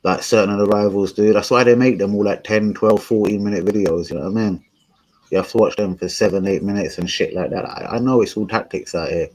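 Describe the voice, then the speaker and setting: A relaxed man with a fairly low voice, hosting a live stream. He chats loosely with his viewers, full of slang and frequent swearing. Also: fast talker, rough recording. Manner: laid-back, slangy, swears often. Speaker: streamer and channel host. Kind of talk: casual live-stream chat.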